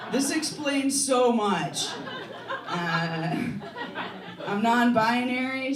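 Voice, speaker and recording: A young adult stand-up comedian with a rambling, self-deprecating delivery who laughs at their own jokes. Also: mid-range voice. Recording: echoey noisy room from a distance.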